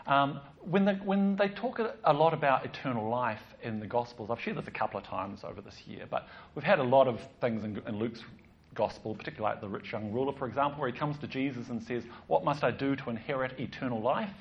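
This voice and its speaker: A man's voice: mid-range voice, quick pace, dull audio. A man preaching a casual, joking sermon as the church's pastor. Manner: chatty, joking, animated.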